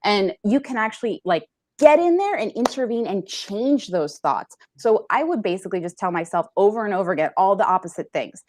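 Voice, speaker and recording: A woman's voice: medium pitch, expressive, brisk, no room sound. Woman, personal trainer, earnest casual interview talk, laughs often, dry close sound. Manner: earnest, laughing, acts out quoted voices. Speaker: personal trainer, podcast guest.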